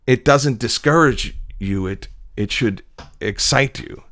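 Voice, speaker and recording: A man's voice: mid-range voice, slow, a bit bright, no echo, studio quality. A man talking in a casual monologue, telling a film story in an earnest, rambling way, full of restarts. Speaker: host.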